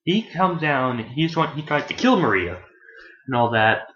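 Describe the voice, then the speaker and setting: Animated man rambling in an echoey room. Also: a little slow. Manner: meandering, self-correcting, profane; acts out characters in shrill voices. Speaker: anime reviewer. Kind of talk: casual rambling review. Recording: echoey room, dull lo-fi sound.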